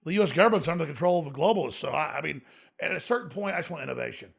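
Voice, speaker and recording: A man's voice: fairly high pitch, expressive, very fast, vocal fry, breathy edge. A man who is a guest on a podcast, telling rambling, profane stories in casual chat. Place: podcast studio.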